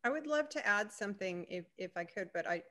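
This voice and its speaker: A woman speaking as a panelist over a video call, telling a personal story in an animated way and acting out the dialogue, with some ums. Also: medium pitch, fairly quick.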